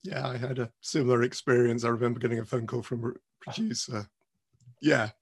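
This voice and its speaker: Gravelly, husky-voiced male interviewer. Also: mid-range voice, steady tone, fairly quick. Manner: brief friendly follow-up prompts. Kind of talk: casual interview questions.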